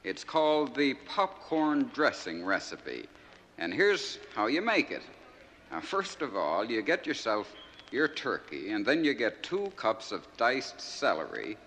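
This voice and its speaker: Folksy comic man, lively, bright delivery, echoey 1971 live LP. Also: lowish voice, a little hiss or hum. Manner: folksy, animated. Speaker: radio host and comic storyteller. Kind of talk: stand-up joke telling.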